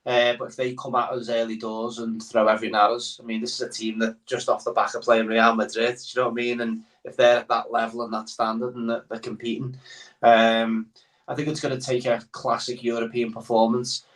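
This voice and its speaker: A man's voice: medium pitch, level tone, fairly quick, fairly bright tone. A man chatting as a guest on a football podcast, rambling with many fillers. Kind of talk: casual football podcast chat. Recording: voice somewhat far from the mic.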